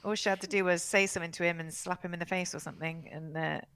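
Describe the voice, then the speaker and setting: A woman's voice: on the low side, steady tone, fast, background noise. A woman co-hosting a live review show, reading out viewer comments in casual chat and laughing often. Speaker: podcast co-host reading chat.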